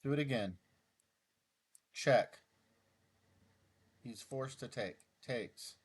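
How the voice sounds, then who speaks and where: A middle-aged man who makes chess YouTube videos solves puzzles while thinking aloud, muttering through the moves and ribbing himself after mistakes. His mid-range voice has a breathy edge and a moderate pace.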